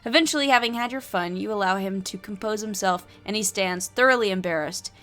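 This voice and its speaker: A woman's voice: medium pitch, fairly quick, fairly bright tone, soft background music. A woman reading and playing through a solo tabletop adventure, chatting and thinking aloud between passages. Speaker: solo player and narrator.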